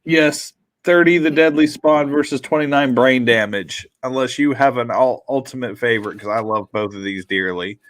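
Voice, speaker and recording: A man hosts a loose podcast conversation, reading entries aloud and cursing casually between them. His voice sits at an ordinary middle pitch. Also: normal speed, hardly any pauses, a bit bright, clean tone. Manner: loose, swearing, reads out list entries. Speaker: podcast host. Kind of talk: casual chat.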